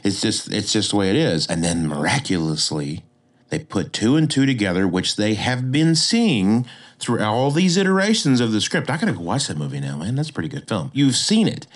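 A man hosting a screenwriting podcast, talking casually and swinging his pitch up and down, with frequent restarts. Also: sing-song, normal speed. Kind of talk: casual instructional talk.

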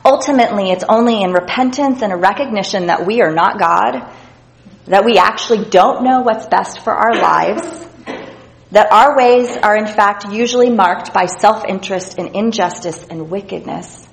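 A woman's voice: mid-range voice, normal speed, vocal fry, poor audio. A woman giving an earnest, reflective devotional Bible teaching, reading scripture passages aloud as she goes.

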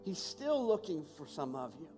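A man preaching a sermon and telling a personal story, swinging between hushed and raised voice with passion. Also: on the high side, very animated, normal speed. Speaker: pastor. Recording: long hall reverb with music behind.

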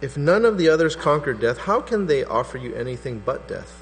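A man preaching a sermon as pastor, animated and acting out skeptical voices. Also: fairly high pitch, a little fast. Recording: hall reverb with faint mains hum.

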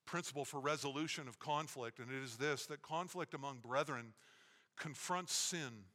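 A man preaching a sermon emphatically, acting out quoted lines and pausing for effect. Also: mid-range voice, fairly bright tone. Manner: emphatic preaching with dramatic pauses. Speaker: pastor. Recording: echoey hall.

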